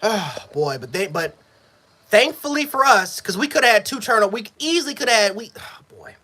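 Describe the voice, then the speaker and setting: A man giving a live sports reaction, frustrated and profane, swinging between yelling and low muttering. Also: big pitch swings, brisk. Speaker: sports fan streamer.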